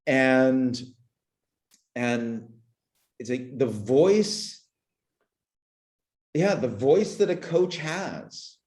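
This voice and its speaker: Speaking extremely slowly with frequent pauses, a Canadian man in his forties has a medium-pitched, slightly mellow voice heard in an echoey room. As a podcast guest in a reflective conversational interview, he grows emotional and at times choked up, often repeating words and restarting sentences.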